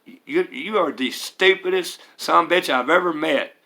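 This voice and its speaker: A man's voice: fairly high pitch, normal speed, pushed and bright, pitched above the performer's own voice. A man with a Mississippi accent imitating his harsh, abusive stepfather, who curses and barks threats. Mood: scornful. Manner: menacing, cursing, barking orders.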